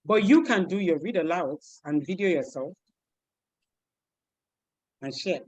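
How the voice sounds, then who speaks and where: Woman, teacher, lively webinar talk, repeats herself, video call. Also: fairly low pitch, a little slow, poor audio. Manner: expressive, acts out voices, repeats words. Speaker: teacher and guest speaker.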